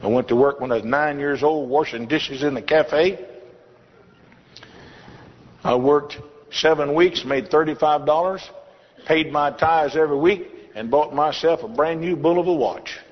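A man's voice: fairly high pitch, unhurried. An older man preaching a testimony sermon in a church, telling his story in a folksy, humorous way. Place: church hall. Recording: dull lo-fi recording in a reverberant hall.

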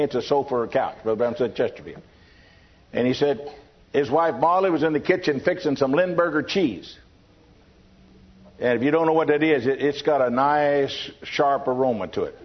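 Folksy Texan preacher on lo-fi tape. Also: male voice, fairly high pitch. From Texas. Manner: folksy, humorous anecdote-telling. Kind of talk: sermon with folksy storytelling. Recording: dull lo-fi sermon recording.

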